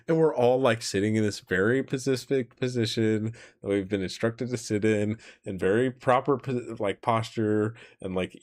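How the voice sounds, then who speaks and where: A male streamer telling a rambling story casually, laughing often and correcting himself. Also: mid-range voice.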